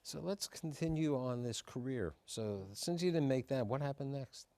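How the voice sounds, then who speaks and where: Male TV host with a mellow voice. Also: mid-range voice, moderate pace, no room sound. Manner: prompting, chiming in with quips. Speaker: TV interview host. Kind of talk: interview questions, casual chat. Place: television studio.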